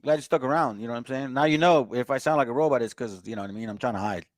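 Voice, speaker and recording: A man's voice: mid-range voice, rapid-fire, no echo. A man casually teaching the Bible, reading verses aloud and explaining them in laid-back street talk to his listeners.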